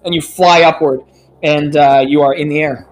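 A man narrating a tabletop game as game master, speaking haltingly with many ums and uhs. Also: fairly high pitch, steady tone.

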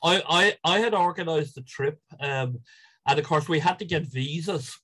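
A man's voice: on the high side, normal speed, fairly bright tone, low-quality recording. A middle-aged Irish man telling stories in casual chat, rambling with many restarts and chuckles. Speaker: guest, football supporter. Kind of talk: casual storytelling.

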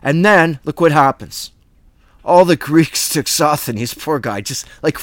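A man's voice: on the high side, lively intonation, a little slow, a bit bright, dry recording. A man reading scripture aloud and commenting on it in a casual, riffing verse-by-verse bible study. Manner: reads scripture then riffs on it with asides.

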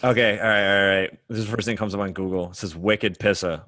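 Man, casual podcast chat, joking, bright forceful voice, lowish pitch, dry close sound. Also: steady tone, quick pace, no room sound. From upstate New York. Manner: joking, laughs often, puts on exaggerated New York slang.

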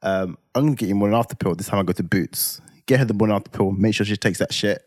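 A young man tells a story with a low voice and a dramatic, animated delivery full of slang tags. The sound is close and dry, with no room around it. It plays as casual podcast talk. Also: fast talker, dry recording. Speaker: podcast co-host.

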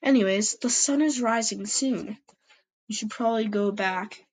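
A woman's voice: on the high side, measured pace, a little mellow, close to an everyday voice, low-quality recording. A woman voicing a weary male cat clan leader in an amateur story podcast, giving grim news in a tired, matter-of-fact way.

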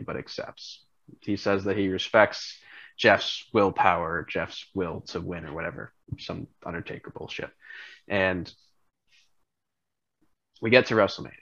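A lower-pitched man with a bright, forceful tone walks through a made-up storyline in casual podcast chat. He rambles and restarts as he goes, and his voice is a little dull on a lo-fi mic. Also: vocal fry. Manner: rambling, animated storyteller, laughs often. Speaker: podcast co-host.

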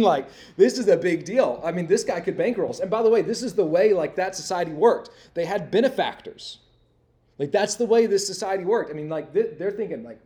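A young man preaching to college students in a loose, conversational way, asking questions and padding with "like" and "right?". His voice sits fairly high, with a mellow, soft-edged tone. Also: a little fast. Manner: conversational, asks the audience questions, lots of "like" and "right?". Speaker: campus minister. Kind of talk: interactive sermon.

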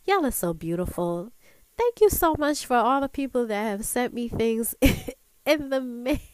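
Brief: woman host, heartfelt talk, slow unhurried delivery, dry close sound. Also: a little high, animated, a little mellow, dry recording, poor audio. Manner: earnest, preachy, building to emphatic peaks. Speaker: podcast host. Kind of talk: casual heartfelt monologue.

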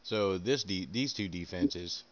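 An older man giving short, low-key replies in a casual chat while he gets coached through a game. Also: unhurried, highs cut off, a little hiss or hum. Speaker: new player getting coached.

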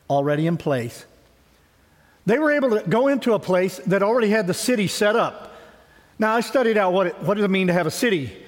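A male pastor preaching a sermon, animated in his storytelling, swinging from lively to hushed. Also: sits high, in a large hall. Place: church with a congregation.

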